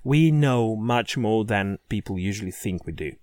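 A man's voice: lowish voice, lively intonation, normal speed, a little mellow, no room sound, studio quality. A man co-hosting a casual podcast chat, talking eagerly and often repeating words as he starts sentences. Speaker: podcast co-host.

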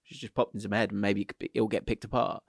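A man's voice: lowish voice, flat delivery, racing, gravelly, husky, no room sound, clean studio sound. A man co-hosting a football podcast, talking in a rambling, hedging way and teasing his co-host. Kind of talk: casual chat.

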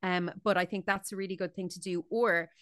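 A woman's voice: on the low side, steady tone, fairly quick, fairly bright tone, no room sound, studio quality. A woman co-hosting a podcast, chatting casually in a rambling way with lots of likes and ums. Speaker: podcast co-host.

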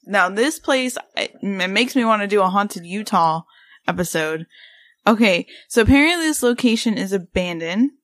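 A woman's voice: medium pitch, no room sound. Chatty woman with a dry close sound. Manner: rambling, many fillers, excitable. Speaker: podcast co-host. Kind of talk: casual chat about haunted places.

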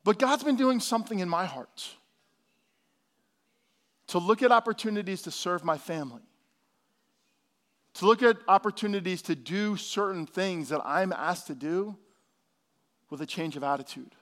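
Pastor, male, high voice, dynamic sermon delivery that swings from hushed to loud. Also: normal speed, pauses often. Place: church hall.

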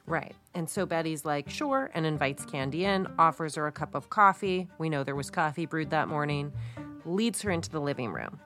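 Woman, low voice, chatty true-crime storytelling, faint music behind. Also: fairly quick. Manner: chatty, with many "like" fillers. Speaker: podcast co-host.

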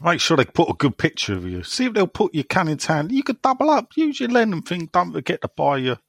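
A man's voice: a little high, wildly swooping pitch, brisk, vocal fry, fairly bright tone, husky, no echo, clean studio sound. A man hosting a casual football podcast, teasing his co-hosts and reading out listener emails. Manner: jokey, teasing, reads listener emails aloud. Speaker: podcast host.

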